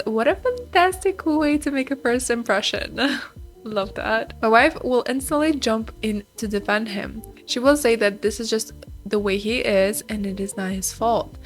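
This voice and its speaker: A woman hosting a reaction video, chatting casually, reading posts aloud and laughing often. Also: on the high side.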